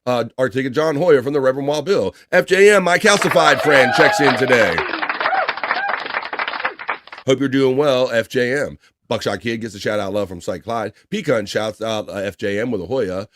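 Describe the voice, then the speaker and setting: A man hosting a casual livestream, reading viewer chat shout-outs aloud with laughs and loose swearing. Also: mid-range voice, dry recording.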